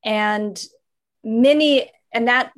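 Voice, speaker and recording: A woman who teaches journalism, a guest in an interview, talking deliberately and hedging with "sort of". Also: fairly high pitch. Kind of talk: conversational interview.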